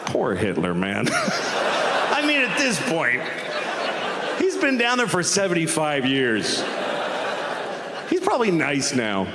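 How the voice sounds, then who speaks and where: Wry stand-up comic over loud room noise. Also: male voice, on the high side, huge pitch swings, slow pace, pauses often, reverberant, in a large hall. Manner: mocking, puts on voices for the church. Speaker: stand-up comedian. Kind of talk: stand-up set on stage.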